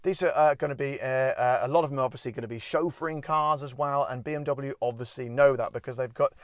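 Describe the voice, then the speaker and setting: A man's voice: mid-range voice, fast talker, no room sound, clean studio sound. A man hosting a casual car walkaround review, rambling with jokey, self-deprecating asides. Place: in and around a parked car.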